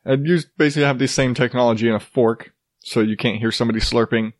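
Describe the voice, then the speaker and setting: A podcast host in his thirties riffs on strange news stories with sarcasm, frequent swearing and plenty of laughter. He talks fast in a medium-pitched voice with fairly even intonation, and there's no echo.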